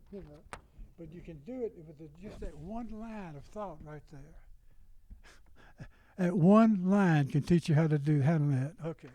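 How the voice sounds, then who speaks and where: A man's voice: sits high, warm tone, rough recording. An older man with a Southern US accent, a music teacher rambling informally to fellow educators and singing rhythm syllables to demonstrate.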